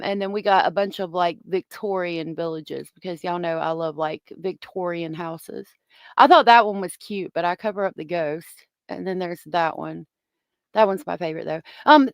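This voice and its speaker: A woman's voice: medium pitch, dry recording. A woman hosting a livestream, chatting casually and thanking viewers by name. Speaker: host of a true-crime livestream.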